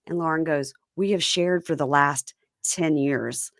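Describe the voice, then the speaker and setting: A woman hosting a casual recap chat, retelling scenes and quoting people in lively voices. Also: deep voice, a little slow, no room sound, clean studio sound. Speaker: podcast host.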